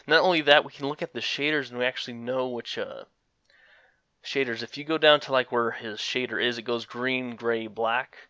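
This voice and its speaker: Bright-voiced young man, casual game talk. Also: mid-range voice, fairly quick, no room sound, dull audio. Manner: rambling, with frequent fillers and chuckles. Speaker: gaming commentator. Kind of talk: casual gaming commentary.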